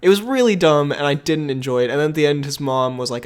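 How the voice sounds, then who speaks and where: A man's voice: mid-range voice, quick pace, clean tone. A man co-hosting a podcast in casual chat, rambling and trailing off with fillers. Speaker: podcast co-host.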